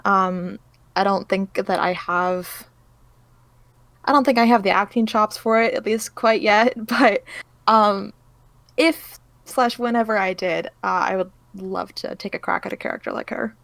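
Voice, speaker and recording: A woman's voice: medium pitch, fairly even intonation, measured pace, gravelly, fairly bright tone, dry recording. Giggly young-sounding female voice actor. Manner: giggly, hesitant with many fillers. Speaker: voice actor, interview guest. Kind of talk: casual interview chat.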